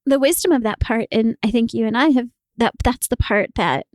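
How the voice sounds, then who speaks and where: A woman co-hosting a casual podcast conversation, talking in an animated way and laughing often as she explains. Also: a little high, a little fast, dry recording. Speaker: podcast co-host.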